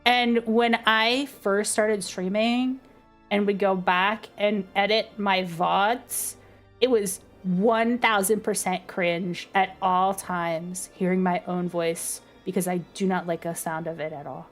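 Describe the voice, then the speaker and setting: A young woman streamer with a low, dark speaking voice, talking casually and full of fillers. Her pitch sits mid-range for a woman. Soft music plays faintly underneath. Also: fairly even intonation, slow pace. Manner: chatty, self-deprecating, lots of fillers.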